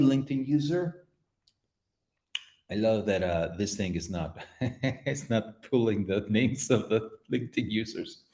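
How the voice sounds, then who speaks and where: A man hosting a relaxed live stream, chatting with his viewers as he paints. His pitch swings up and down a lot, and he rambles playfully, cracking jokes at the chat. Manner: playful, rambling, jokey, addresses chat directly. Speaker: livestream host painting community art.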